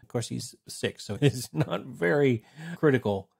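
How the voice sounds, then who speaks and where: A man in his thirties casually reviewing software, blunt and sarcastic, swearing freely. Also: medium pitch, lively intonation, unhurried, gravelly, husky. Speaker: tech reviewer. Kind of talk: casual screen-recorded review.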